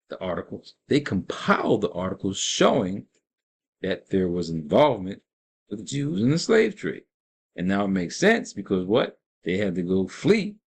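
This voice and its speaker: A man reading passages from a book aloud and stopping to explain them in his own words, often correcting himself mid-sentence. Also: fairly low pitch. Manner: reads passages then breaks them down with asides; stops to spell and correct himself. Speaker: host reviewing a book.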